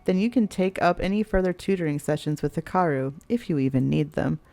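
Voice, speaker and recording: A woman's voice: sits low, animated, fairly quick, mellow. A woman voicing a cold, blunt young man in a visual novel, speaking curtly and mockingly. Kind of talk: voiced reading of a visual novel.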